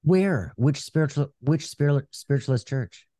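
A woman's voice: a bass voice, expressive, unhurried, warm tone. A woman hosting a conversational interview, asking short, curious follow-up questions. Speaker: podcast host.

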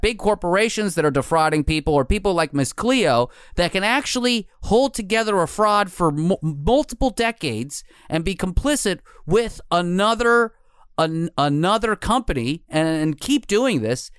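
A man's voice: high voice, lively intonation, a little slow, clear, resonant tone, dry recording, studio quality. A man hosting a podcast in casual chat, earnest and chatty, often laughing along. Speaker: podcast host.

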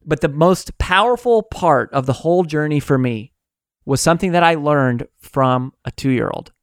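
A man, an author who runs a coaching company, telling stories in a conversational interview, animated and acting out quotes. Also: fairly high pitch, moderate pace, no echo, studio quality. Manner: animated storyteller, acts out quotes.

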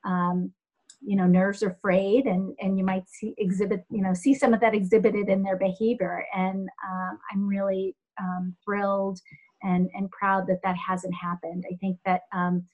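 A woman who runs a health center, answering interview questions in a thoughtful, halting way with many fillers. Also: medium pitch, level tone, darkish tone, dull audio.

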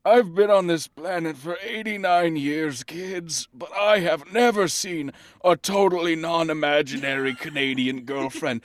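A man's voice: a little high, lightly acted. A man putting on a crotchety old grandpa. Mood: grumbling. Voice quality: creaky, slow old-man drawl. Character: rambling old grandpa, eighty-nine, crotchety. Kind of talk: playing a party card game.

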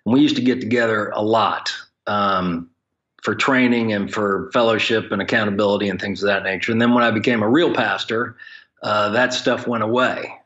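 A man's voice: lowish voice, steady tone, normal speed, a bit bright, lo-fi sound. A man who leads a ministry for pastors, telling stories frankly and with blunt humor as a podcast guest. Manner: frank, joking storyteller with plain blunt wording. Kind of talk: conversational podcast storytelling.

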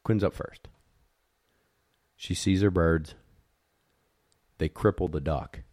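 Speaking slowly in a low voice, a retriever dog handler tells an animated, easygoing story from a competition, mimicking dogs and judges and swearing a little in his blunt way. The studio sound is clean, without echo.

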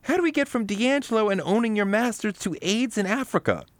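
A man's voice: high voice, lively intonation, a little fast, slight background noise. A man narrating his own memoir as an audiobook in a wry, conversational storytelling manner.

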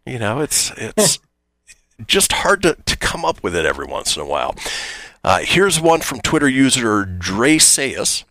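A man's voice: medium pitch, a little slow, dry recording. A man hosting a casual morning radio show, reading listener posts aloud and joking about them. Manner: lively, reads listener posts aloud with jokes.

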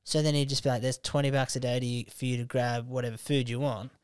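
A young Australian man, a comedian guest, telling stories in casual podcast chat, swearing freely and slipping into quick character voices. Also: mid-range voice, flat delivery, darkish tone, clean tone, no echo, studio quality.

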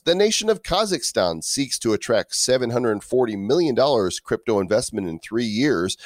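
A man's voice: medium pitch, no echo, studio quality. A man co-hosting a casual crypto podcast, joking and punning as he reads headlines and promotes events. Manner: playful, jokey, punning. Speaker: podcast co-host. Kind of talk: casual comedic podcast chat.

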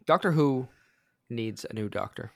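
Guy hosting a pop culture podcast, mid pitch, rambly and wry, dry close sound. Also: lively intonation, moderate pace, creaky, no room sound. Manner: rambling, self-correcting, wry. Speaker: podcast host. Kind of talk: casual chat.

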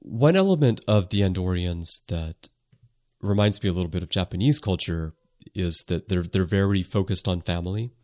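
A man's voice: low voice, lively intonation, moderate pace, a little mellow. A man hosting a casual fan podcast who talks in a thoughtful, descriptive way and uses filler words. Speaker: podcast host. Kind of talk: casual chat.

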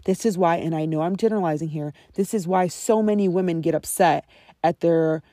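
Speaking a little fast in a lowish, dark voice, this friendship coach in her thirties teaches solo on her podcast. She explains things conversationally and instructively, frequently checking in with her audience, and the sound is clean studio audio without echo.

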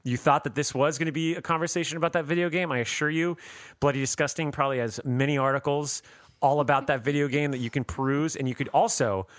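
A man's voice: a little high, fairly even intonation, fast talker, no room sound. A man hosting a podcast in casual, rambling, jokey chat. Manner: rambling, jokey, laughs often. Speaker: podcast host.

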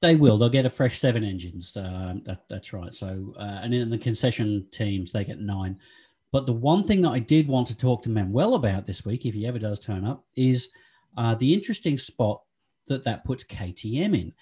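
Aussie male podcast co-host, husky, relaxed and chatty, laughs easily. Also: mid-range voice, moderate pace. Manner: chatty, laughs often, trails into restarts. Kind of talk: casual chat.

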